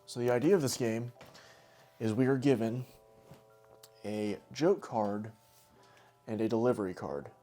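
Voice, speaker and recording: A man's voice: mid-range voice, unhurried, pauses often, dark tone, faint music behind. Laughing, teasing male podcast host. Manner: laughs often, teasing, swears casually. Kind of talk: casual chat and party game.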